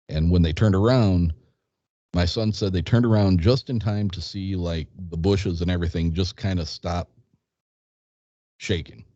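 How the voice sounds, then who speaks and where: A man in his fifties with a low, mellow voice tells a story at his own unhurried pace, acting out dialogue and often restarting his sentences. The sound is dry and dull, a bit lo-fi. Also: no echo. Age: 50s. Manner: rambling anecdote, quotes dialogue, hesitant restarts. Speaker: guest. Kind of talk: casual storytelling.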